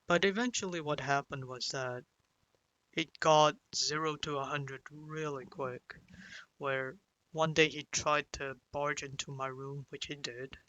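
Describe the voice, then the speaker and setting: A young man recounting a painful personal story, speaking hesitantly with many restarts and pauses. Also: fairly high pitch, steady tone, sharp tone, dull audio. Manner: hesitant, full of restarts and "you know"; sighs and breaks down into whispers at emotional moments. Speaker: vlogger.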